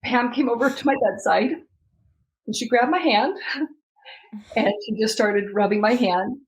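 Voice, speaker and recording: A woman's voice: a little high, unhurried, rough recording. A woman guest on a podcast, telling a personal story earnestly, with many fillers and restarts.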